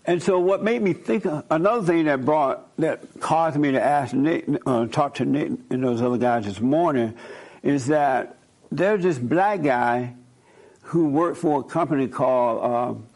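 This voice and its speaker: A man's voice: fairly high pitch, measured pace, a little mellow, low-quality recording. A man who works as a counselor, telling stories in a casual, emphatic way and acting out both sides of conversations. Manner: emphatic, repetitive, quotes himself and others in dialogue. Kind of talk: informal storytelling talk.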